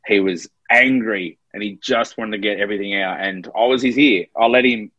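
A man's voice: fairly low pitch, moderate pace, fairly bright tone, breathy edge, dry recording, lo-fi sound. An Australian man co-hosting a podcast, telling a personal story in an earnest, emotional way. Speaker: podcast co-host. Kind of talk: casual chat. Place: Melbourne, in lockdown.

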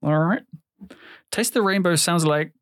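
A man's voice: on the high side, unhurried, no echo. Young man, casual podcast host, chatty and sweary, dry close sound. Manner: chatty, swears freely, laughs often. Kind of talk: casual chat.

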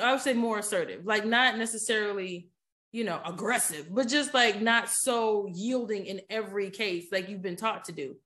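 Woman podcast guest with a slightly high voice, chatty and animated storyteller. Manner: animated, chatty, keeps asking "you know what I'm saying?". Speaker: podcast guest, poker player. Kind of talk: casual storytelling in an interview.

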